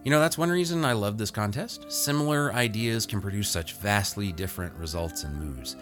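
A male podcast host introducing short stories, chatty and informal. His voice is deep but swings around a lot. Music plays clearly behind him. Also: expressive, moderate pace, fairly bright tone. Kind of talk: casual story introduction.

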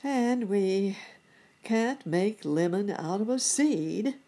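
A woman voicing a kind, polite old gentleman rabbit in a children's storybook. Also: low-pitched, big pitch swings, takes it slowly, slightly rough, full character voice. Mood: eager.

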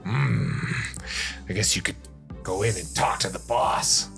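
Brief: man doing a curt, suspicious cult guard, gruff and clipped, music underneath. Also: low-pitched, sing-song, unhurried, fairly bright tone, pitched below the performer's own voice, heavily acted. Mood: hostile. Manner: curt and suspicious, loosens up into grudging boredom. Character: gruff hooded male cultist guard, hostile and dismissive.

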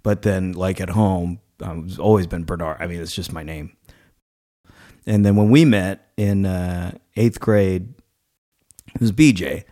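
Animated storytelling man. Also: a little slow. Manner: animated storytelling, acts out quoted people with rising pitch. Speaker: podcast co-host. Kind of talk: casual chat.

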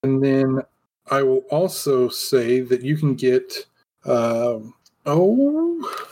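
A man running a tabletop game as game master, talking in a relaxed way with many fillers. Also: mid-range voice, very slow.

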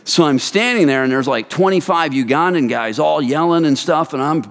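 An American man telling his testimony as a preacher, animated and addressing the room as "you guys". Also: a little high, moderate pace. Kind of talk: sermon testimony. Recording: long reverb hall.

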